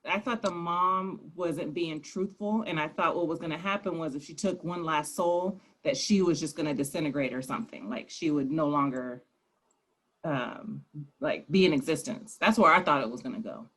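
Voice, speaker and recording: A man co-hosting a casual podcast, calmly sharing his theories about a TV episode. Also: a little high, normal speed. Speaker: podcast co-host. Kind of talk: casual group chat reviewing a TV episode.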